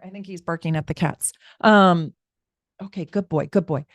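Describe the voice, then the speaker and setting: A woman's voice: on the low side, normal speed, dry recording. A woman astrologer giving casual live-stream chart readings, chatty and rambling, talking straight to her viewers from home.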